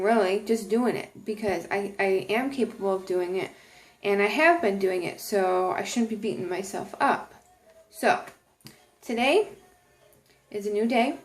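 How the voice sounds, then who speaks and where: Earnest woman giving a casual inspirational talk. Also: mid-range voice. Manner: earnest, restarts sentences, many ums. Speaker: vlogger.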